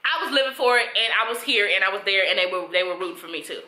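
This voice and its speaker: A young woman reviewing TV episodes in a casual, animated, slangy reaction style. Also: medium pitch, rapid-fire. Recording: roomy echo.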